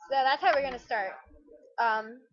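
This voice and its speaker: A chatty woman with a high, light voice talks loosely through her gameplay and wanders from thought to thought with self-deprecating asides. The audio is slightly muffled and lo-fi. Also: normal speed, a little hiss or hum. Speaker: let's play gamer. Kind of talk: casual gameplay commentary.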